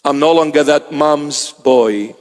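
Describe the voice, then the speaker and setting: A man's voice: on the high side, slow, darkish tone. A man preaching as a bishop, telling stories and acting out the people in them. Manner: storytelling, acts out quoted voices. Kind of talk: sermon. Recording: long hall reverb.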